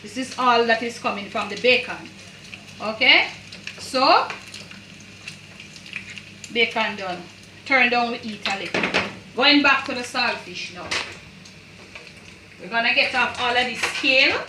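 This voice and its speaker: A woman's voice: fairly high pitch, a little slow, long pauses, background noise. A Jamaican woman doing a casual cooking demonstration in her home kitchen, chatty and repetitive, with creole words mixed in. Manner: chatty, repeats phrases, mixes in Jamaican creole. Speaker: home cook. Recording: echoey kitchen, far from mic, sizzling pan. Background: frying and sizzling.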